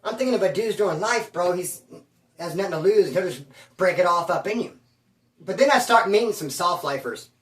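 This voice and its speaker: A man who served time telling prison stories in a casual, slangy, animated streetwise way. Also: sits high, brisk, far from the mic. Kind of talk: casual storytelling. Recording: roomy sound from away from the mic.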